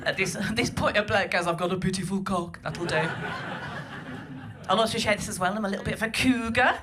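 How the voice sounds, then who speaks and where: A woman's voice: mid-range voice, brisk, background noise. A woman from Birmingham with a Birmingham accent, performing a bawdy stand-up set and teasing the audience. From Birmingham, England. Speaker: stand-up comedian. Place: comedy club stage.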